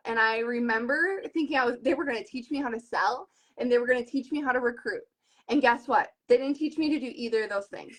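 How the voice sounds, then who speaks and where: A woman in her thirties, a direct-sales team leader, talking earnestly and with animation in a live video conversation. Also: a little high. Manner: earnest and animated, retells conversations in lively voices.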